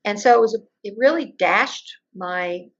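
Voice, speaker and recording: A woman's voice: medium pitch, normal speed. An older woman being interviewed, telling her story at length and acting out the conversations she recounts. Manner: storytelling, acts out quoted exchanges. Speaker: interview guest. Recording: muffled lo-fi audio.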